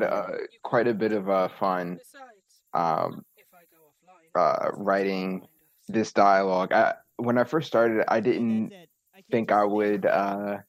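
Male writer, low voice, casual and reflective with lots of filler words. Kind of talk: casual chat.

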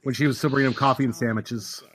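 A man directing a show, hosting a casual commentary with animated, jokey chat. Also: mid-range voice, fast talker.

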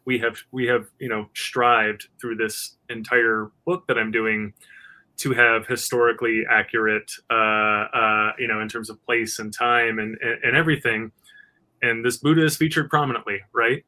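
A man's voice: medium pitch, steady tone, moderate pace, bright, forceful tone. A man talking earnestly on a podcast about a comic book he is making, emphatic and repeating words as he thinks. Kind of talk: casual podcast chat.

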